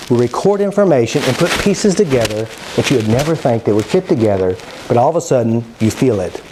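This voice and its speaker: Animated middle-aged man giving a seminar talk. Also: medium pitch, background noise. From Oklahoma. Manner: animated storyteller, asks the audience questions, acts out quotes. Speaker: seminar speaker. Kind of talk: live seminar talk to an audience.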